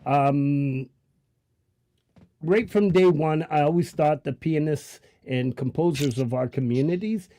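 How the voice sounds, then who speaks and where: Slow-talking Canadian Italian man host. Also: on the high side, warm tone. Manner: joking, talks with many ums and pauses. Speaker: livestream show host. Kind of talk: casual live-stream chat.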